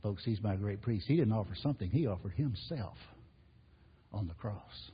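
A husky, breathy male preacher delivers an emphatic sermon that surges and drops. His voice rings out in a long hall reverb, and the recording is muffled. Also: lowish voice, lively intonation, moderate pace. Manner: emphatic preaching, rising and falling with repetition. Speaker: pastor.

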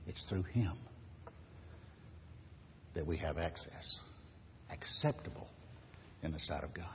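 A man preaching a sermon and telling stories, unhurried, letting his phrases drop to a hushed close. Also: deep voice, animated. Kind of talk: sermon with storytelling. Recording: echoey hall, dull lo-fi sound, faint hiss.

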